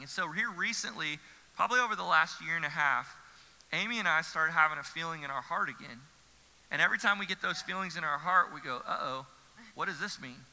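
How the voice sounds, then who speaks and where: A man's voice: on the high side, sharp tone. A man, a pastor preaching an earnest sermon with emphatic repetition. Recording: church hall reverb.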